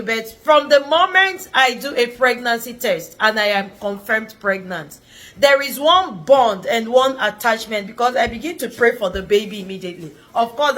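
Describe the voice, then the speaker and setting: High, bright earnest woman storyteller. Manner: earnest, emphatic, repeats phrases for stress. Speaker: vlogger. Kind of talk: personal storytelling to camera.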